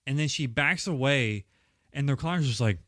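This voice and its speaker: A man's voice: medium pitch, animated, a little fast, a bit bright, no room sound, studio quality. A man co-hosting a podcast, recapping a cult film with lots of swearing, laughter and exasperation. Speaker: podcast co-host. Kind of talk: casual film-review chat.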